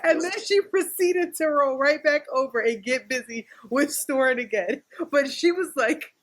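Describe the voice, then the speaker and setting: A woman's voice: sits high, normal speed. A woman co-hosting a casual podcast, telling a story with lots of laughter and acted-out quotes. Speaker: podcast co-host.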